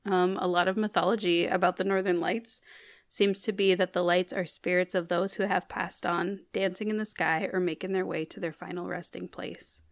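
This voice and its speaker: A woman's voice: lowish voice, steady tone, normal speed, vocal fry, no echo, studio quality. A woman co-hosting a folklore podcast, reading from notes in a casual chat and laughing often. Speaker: podcast co-host.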